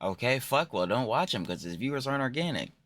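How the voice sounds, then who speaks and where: A man's voice: medium pitch, sing-song, fast talker, a bit bright. A man hosting a reaction channel, talking back at the clips in casual, profane, rambling commentary.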